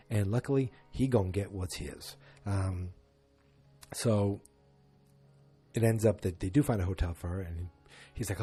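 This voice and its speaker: Guy doing a solo podcast recap, kinda low husky mellow voice, acts out the quotes, faint music under. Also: unhurried, pauses often. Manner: retells scenes acting out quotes, sarcastic asides. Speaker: podcast host.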